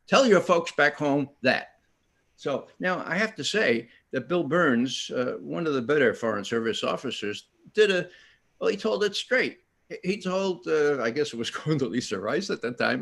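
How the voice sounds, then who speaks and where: A man's voice: mid-range voice, sing-song, moderate pace, fairly bright tone. An older man speaking on a panel at an online event, telling stories animatedly with frequent restarts and acted-out quotes. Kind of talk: storytelling talk at an online event.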